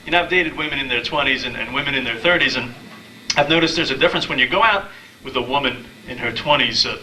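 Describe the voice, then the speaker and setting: A man in his thirties doing a stand-up comedy set, telling dating stories deadpan and acting out the quotes. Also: medium pitch, fast talker, distant mic, a little hiss or hum, low-quality recording. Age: 30s. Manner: deadpan storytelling with acted-out quotes. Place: small live comedy venue.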